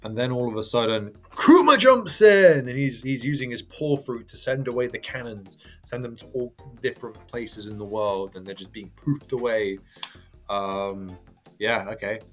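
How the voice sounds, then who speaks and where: A man casually reading and reacting to a manga chapter, chatty and halting with lots of fillers. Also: on the low side, fairly even intonation. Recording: faint background music.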